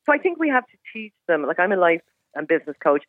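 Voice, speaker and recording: A middle-aged woman calling into a radio show, telling stories and giving firm, brisk advice. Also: lowish voice, very animated, no room sound. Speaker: caller. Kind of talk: phone-in chat. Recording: tinny phone line.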